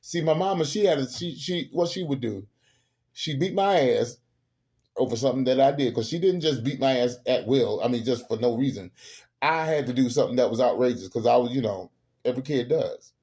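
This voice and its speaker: A man hosting a show, telling family stories in a casual, animated and emphatic way with salty humor. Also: mid-range voice, brisk. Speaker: host. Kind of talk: casual storytelling monologue.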